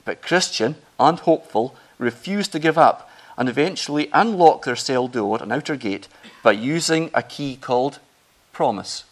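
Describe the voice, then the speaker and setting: A man preaching a sermon, earnest and emphatic, rising in pitch and volume on key phrases. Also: animated, moderate pace.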